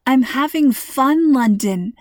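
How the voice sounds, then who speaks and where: A woman voicing a cheerful, playful mother in a storybook reading, with a warm, teasing manner. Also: sits high, expressive, takes it slowly, dry recording, pitched above the performer's own voice.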